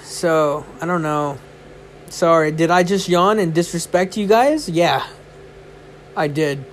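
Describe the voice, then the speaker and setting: A young man with a high voice rambles on his own podcast, tired and yawning in the small hours. He fills his talk with "um" and "like." A faint hiss of noise sits behind him. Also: takes it slowly. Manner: rambling and chatty, many fillers. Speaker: podcast host. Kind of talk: casual solo podcast chat. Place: indoors, lying in bed.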